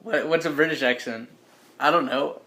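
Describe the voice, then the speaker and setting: A man narrating as game master in a casual, halting way, now and then trying clumsy accents for side characters. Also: a little high, pushed and bright. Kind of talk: narrating a tabletop role-playing game.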